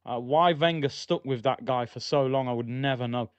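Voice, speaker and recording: Young man with a smooth voice, commentating a football watchalong. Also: medium pitch, moderate pace, no room sound, highs cut off. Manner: casual, reacts loudly to chances, reads out chat. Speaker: watchalong streamer. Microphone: streaming mic.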